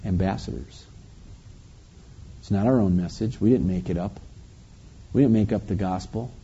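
A man preaching, reading scripture aloud slowly and then explaining it in a conversational way. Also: low-pitched, warm tone, slightly rough. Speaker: pastor. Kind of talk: verse-by-verse Bible teaching. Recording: dull lo-fi recording.

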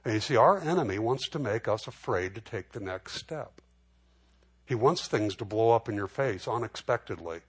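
A man's voice: lowish voice, animated, moderate pace, breathy edge. A man preaching a sermon in a conversational way, often restarting and repeating words. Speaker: pastor.

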